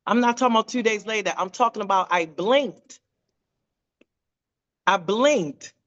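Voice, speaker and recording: A woman telling an animated testimony on a video call, acting out quoted voices with big jumps in pitch. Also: measured pace, dull audio. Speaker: team member sharing a testimony.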